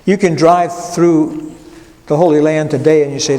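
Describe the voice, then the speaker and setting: Wry pastor teaching in a reverberant church room. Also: male voice, a little high, fairly even intonation, brisk, mellow. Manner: conversational, digressive, wry asides. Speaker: pastor teaching adult education. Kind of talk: informal Bible class lecture. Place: church classroom.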